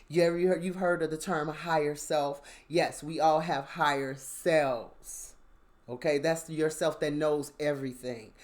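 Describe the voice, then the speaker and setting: A woman, a mother, telling a casual, animated story about her spiritual experiences and checking in with the listener. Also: deep voice. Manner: animated, conversational, asks listener "you understand?". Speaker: spiritual vlogger.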